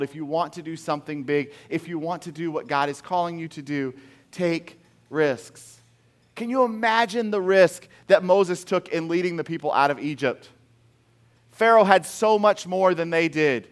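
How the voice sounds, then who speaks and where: A middle-aged male pastor delivering a sermon with a fairly high voice. He is animated, jumping from hushed lines to loud, punchy ones as he acts out the people in his stories. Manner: animated, acting out quotes with big swings in volume.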